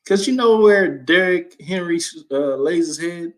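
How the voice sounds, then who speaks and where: A man co-hosting a casual sports talk show, laid-back and quick to laugh. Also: fairly high pitch, lively intonation. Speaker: co-host. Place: lives in Texas.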